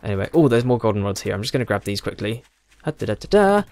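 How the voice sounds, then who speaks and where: A man's voice: lowish voice, steady tone, racing, creaky, darkish tone, dry recording. A young British man with a British accent giving casual, chatty, self-mocking commentary while playing a game. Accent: British English. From Britain. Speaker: gaming YouTuber.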